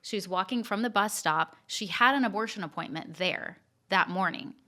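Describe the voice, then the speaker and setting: Bright-voiced woman telling a story. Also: medium pitch, normal speed. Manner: lively storyteller with frequent fillers and restarts. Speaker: podcast co-host telling stories. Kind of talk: casual storytelling chat.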